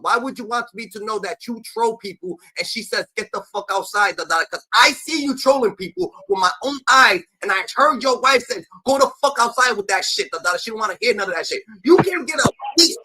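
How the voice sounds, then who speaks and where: Brief: man, high bright voice, profane rambling stream host who trails off mid-thought. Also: expressive, fairly quick, husky, rough recording. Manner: profane, scolding. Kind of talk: heated casual live-stream talk.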